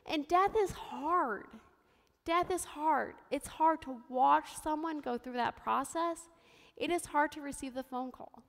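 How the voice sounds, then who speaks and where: A woman's voice: high-pitched, fairly bright tone, long reverb tail. A woman in her thirties giving a sermon, telling her own story in a candid, conversational way. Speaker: preacher. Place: church sanctuary.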